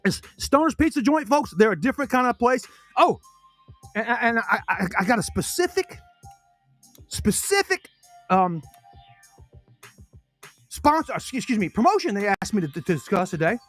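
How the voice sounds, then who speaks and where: High-pitched man, folksy sponsor patter, talks with food in his mouth, faint music behind. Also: very animated, normal speed, long pauses, fairly bright tone. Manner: chatty, folksy, self-correcting salesman patter; talks while chewing food. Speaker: podcast host reading sponsor spots. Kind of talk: casual sponsor talk on a podcast.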